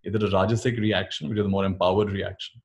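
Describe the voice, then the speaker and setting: A man giving a calm spiritual teaching talk, often repeating phrases softly. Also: sits low, fast.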